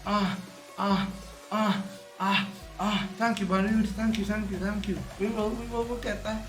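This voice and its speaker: A man's voice: high voice, steady tone, a little slow, echoey room, over music. A man live-streaming in a brash, boastful, profane way, tired out. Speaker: livestreamer. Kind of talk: casual live-stream chat.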